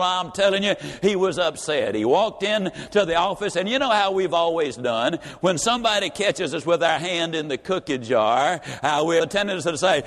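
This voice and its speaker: A folksy male motivational speaker who tells a story with emphatic repeated refrains. His voice is fairly high for a man. Long reverb trails him around a large hall. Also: animated, a little fast, hardly any pauses, fairly bright tone. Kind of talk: storytelling speech.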